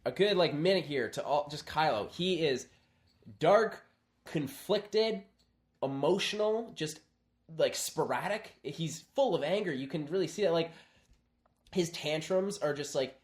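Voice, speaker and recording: Young man chatting animatedly about movies. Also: fairly high pitch. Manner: animated, acts out movie lines in quick put-on voices. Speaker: podcast co-host. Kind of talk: casual chat.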